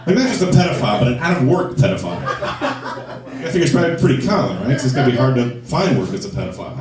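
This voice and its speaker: Crude stand-up comic in echoey club. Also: male voice, medium pitch, very animated, fast talker, a crowd in the background. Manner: crude, self-mocking punchlines. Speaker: stand-up comedian. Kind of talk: stand-up set at a comedy club. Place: comedy club stage. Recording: echoey club, mic from a distance.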